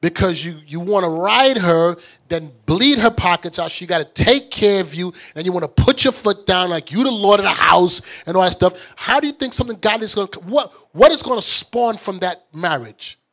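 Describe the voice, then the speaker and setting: A man's voice: high voice, expressive, moderate pace, hardly any pauses, a bit bright. A man preaching as a bishop in a fiery, mocking, blunt sermon style. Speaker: bishop and teacher.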